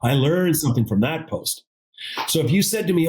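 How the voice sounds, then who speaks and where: A man's voice: on the high side, fairly quick, poor audio. A man being interviewed as a guest, telling stories casually and acting out dialogue with jokey asides. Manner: animated, acts out dialogue in quotes, jokey asides. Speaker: podcast guest, advisor consultant.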